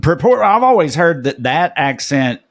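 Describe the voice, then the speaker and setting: A man's voice: on the high side, sing-song, normal speed. A man with a Southern US accent co-hosting a podcast, chatting in a loose, profane, joking way. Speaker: podcast co-host. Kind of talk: casual comedic chat.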